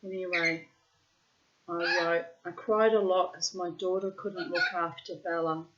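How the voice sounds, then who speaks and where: A middle-aged woman talks casually and bluntly, swearing freely as she reads her journal aloud. Her voice sits a little low. The recording sounds dull and lo-fi. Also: fairly even intonation, measured pace, heavy background noise. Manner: frank and profane, breaks into loud laughter. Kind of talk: casual spoken monologue with diary readings.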